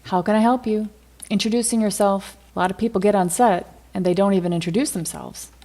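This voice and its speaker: Female podcast host, mid-pitched, upbeat, encouraging advice-giver. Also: a little fast, warm tone. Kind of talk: casual podcast chat.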